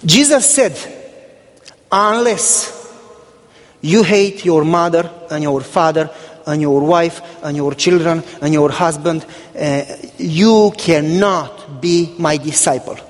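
A man's voice: on the high side, takes it slowly. A male pastor delivering a sermon, telling humorous stories and acting out conversations with God and a church member. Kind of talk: sermon with storytelling. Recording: long hall reverb.

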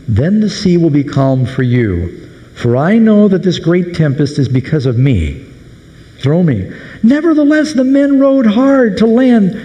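Man preaching in an echoing hall. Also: medium pitch. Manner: animated storytelling, acting out the sailors' panicked questions. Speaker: pastor. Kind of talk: sermon. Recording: long hall reverb.

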